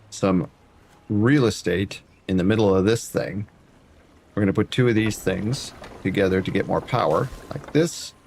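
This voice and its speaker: Male streamer, low husky voice, casual running commentary while building. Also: a little mellow. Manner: muttering, thinking aloud while building. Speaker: variety streamer.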